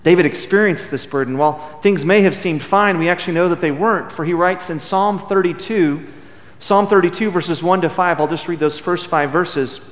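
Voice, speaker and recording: A middle-aged man preaching a sermon with emphasis, dramatic pauses and swings between loud and hushed delivery. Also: high voice. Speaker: pastor. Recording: echoey hall.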